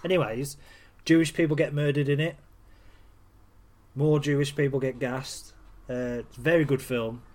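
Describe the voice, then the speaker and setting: A man in brash, sweary casual podcast banter, laughing often and arguing loudly. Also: medium pitch, fairly even intonation, moderate pace, long pauses. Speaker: podcast co-host.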